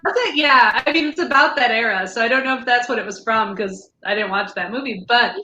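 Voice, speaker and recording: High-pitched woman chatting on a podcast, enthusiastic, keeps the talk moving, echoey room. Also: a little fast, background noise. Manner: chatty and enthusiastic, steering the conversation. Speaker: podcast co-host. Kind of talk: casual chat.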